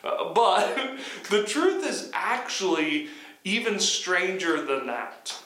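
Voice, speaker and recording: High, bright-voiced man preaching in an echoey room. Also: animated, slow. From United States. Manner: conversational with frequent restarts. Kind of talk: sermon teaching.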